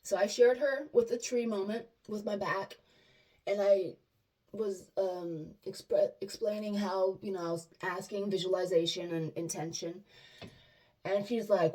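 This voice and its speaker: A woman's voice: mid-range voice, a little slow, distant mic. A woman telling personal stories in a casual, chatty way, acting out the lines of the people in them. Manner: chatty and animated, acts out quoted dialogue, many restarts. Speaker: vlogger sharing personal stories. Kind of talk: casual storytelling monologue.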